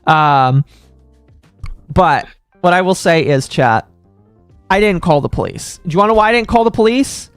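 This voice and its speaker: Guy ranting on stream, kinda high voice, stumbles over his words a lot, dry sound, music low behind. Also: expressive, moderate pace, pauses often, clear, resonant tone, dry recording. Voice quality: stammering, restarts often. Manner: heated, swears freely. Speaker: stream host. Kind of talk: casual live-stream rant.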